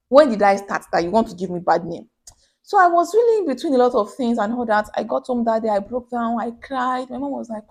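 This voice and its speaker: Animated young Nigerian woman telling a story. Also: a little high. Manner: animated storyteller who acts out quoted voices. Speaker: small business owner. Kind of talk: storytelling vlog.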